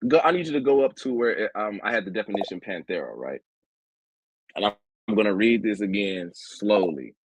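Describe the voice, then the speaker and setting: Husky mocking man debating. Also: lowish voice, no room sound, rough recording. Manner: mocking, lecturing. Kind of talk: heated online debate.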